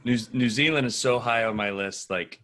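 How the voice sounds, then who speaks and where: A man's voice: mid-range voice, moderate pace, a bit bright. A middle-aged man co-hosting a podcast, talking casually with many fillers. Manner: rambling, uses many fillers. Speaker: podcast co-host. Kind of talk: casual chat.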